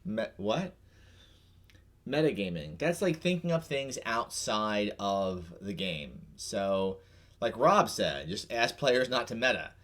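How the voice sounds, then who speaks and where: Male host, middle-aged, low voice, chatty and patient, restarts his sentences a lot. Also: lively intonation, takes it slowly, a bit bright. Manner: rambling, self-correcting, explains patiently. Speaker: podcast host. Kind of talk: casual chat.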